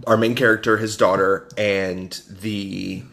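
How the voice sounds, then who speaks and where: Blunt low-voiced man recapping a film. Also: flat delivery, unhurried, vocal fry, a bit bright. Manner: blunt, sarcastic name-calling. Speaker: podcast co-host. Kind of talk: casual movie recap chat.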